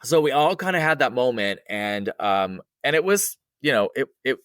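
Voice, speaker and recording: A middle-aged man tells a personal story in a loose, conversational way. He trails off and circles back, filling gaps with ums and you-knows. His pitch sits in the middle and the sound is dry, with no room echo. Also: moderate pace, smooth. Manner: rambling and conversational, with many fillers and restarts; acts out quoted dialogue in a raised, excited voice. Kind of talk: casual spoken ghost story.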